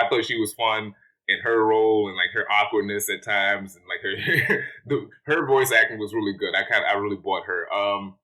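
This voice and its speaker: A man giving a casual movie review, rambling with many fillers and restarts, relaxed and plain-spoken. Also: on the low side, low-quality recording.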